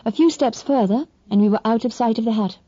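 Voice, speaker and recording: A woman reading a novel aloud in measured, expressive first-person narration. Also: fairly high pitch, no room sound, muffled recording. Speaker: audiobook narrator.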